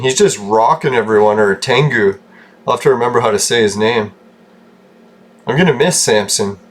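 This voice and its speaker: A man from Canada giving rambling, casual commentary over gameplay, joking, swearing and laughing often. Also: medium pitch. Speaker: gaming channel host.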